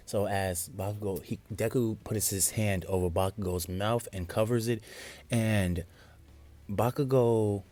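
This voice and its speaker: A man narrating an improvised fan story in a casual, rambling way, stopping often to correct himself. His voice is low and husky. Faint music plays under him. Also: warm tone.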